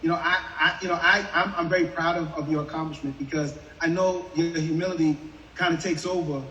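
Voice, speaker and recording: A man with a fairly high voice hosts a group call, speaking in a warm, casual way with plenty of fillers. He is far from the mic, and the sound is echoing with a faint hiss. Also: steady tone, brisk, muffled recording. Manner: warm and conversational, with many fillers. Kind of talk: casual supportive chat.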